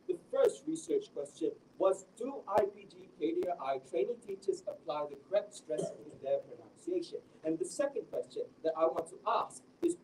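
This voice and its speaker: A young man gives an academic presentation of his research as a teacher trainee, often restarting his sentences. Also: high-pitched. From Malaysia. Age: young adult. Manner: animated, with frequent restarts. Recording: distant mic with faint background noise.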